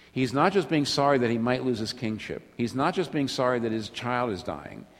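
A man preaching a sermon, earnest, often restarting phrases, swinging between rising intensity and quiet, low emphasis. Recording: long reverb of a hall.

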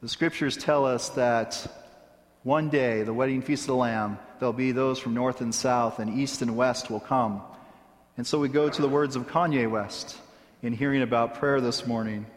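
A male pastor preaching a sermon in a measured way, with deliberate pauses. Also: medium pitch, steady tone, in a large hall. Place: church sanctuary.

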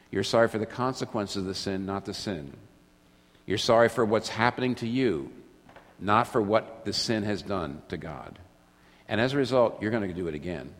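A man preaching a sermon, earnest, often restarting phrases, swinging between rising intensity and quiet, low emphasis. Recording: long reverb of a hall.

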